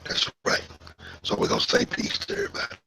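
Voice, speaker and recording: A man's voice: quick pace, bright, forceful tone, slight background noise, poor audio. A man teaching a Bible study lesson, emphatic and preacherly, asking his listeners questions and sounding out of breath.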